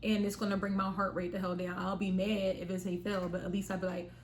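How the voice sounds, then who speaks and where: Animated young woman telling a story. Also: medium pitch, quick pace, few pauses, a little hiss or hum. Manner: animated, acts out quotes of herself and her sister. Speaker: vlogger. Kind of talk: casual storytelling to camera.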